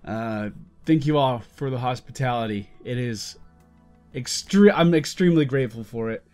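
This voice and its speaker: A man's voice: mid-range voice, normal speed, darkish tone, clear, resonant tone, soft background music. A man telling a story in a casual vlog, wry and self-mocking, who swears freely. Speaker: YouTuber.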